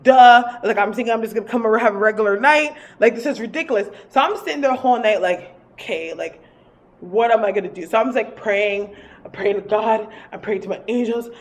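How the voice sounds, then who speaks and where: Animated woman telling a spooky story. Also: a little high, fast. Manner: animated, rambling, filler-heavy and profane. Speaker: psychic medium. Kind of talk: casual storytelling to camera.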